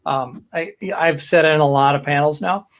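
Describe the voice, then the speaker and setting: A man's voice: a little high, steady tone, normal speed. A man hosting a real estate panel event, wrapping up and thanking sponsors in an upbeat way. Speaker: event host. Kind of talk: closing remarks at a panel event.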